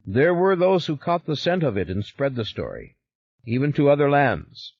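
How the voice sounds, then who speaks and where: A man's voice: medium pitch, sing-song, normal speed, no room sound, lo-fi sound, voice pushed up. A man reading an audiobook, voicing an insistent, powerfully built stranger who speaks urgently and presses his point. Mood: intense. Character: powerful northern European man, insistent, knowing.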